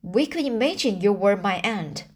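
A woman's voice: medium pitch, lively intonation, normal speed, breathy edge. A woman reading aloud and voicing an eager, emotional orphan girl in a raised, imploring voice. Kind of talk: amateur audiobook reading.

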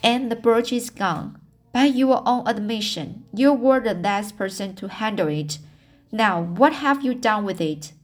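A woman's voice: a little high, expressive, measured pace. A woman reading the part of a strict, stern older woman guardian in an audiobook, speaking sharply.

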